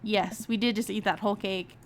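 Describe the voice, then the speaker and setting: A woman's voice: mid-range voice, steady tone, brisk, a little hiss or hum, close to an everyday voice. A woman reading the lines of a caring father giving his daughter earnest advice in a game. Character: gentle caring father, middle-aged man.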